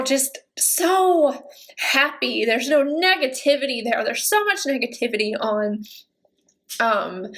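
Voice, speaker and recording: Woman, 30s, beauty vlogger, tearful and emotional, high-pitched casual delivery. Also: fairly bright tone. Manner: emotional, teary and gushing. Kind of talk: casual talk to camera.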